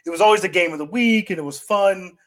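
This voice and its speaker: A man's voice: high voice, quick pace, fairly bright tone. Conversational male podcast host. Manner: loose and conversational, many fillers and restarts. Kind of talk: casual sports-tech chat.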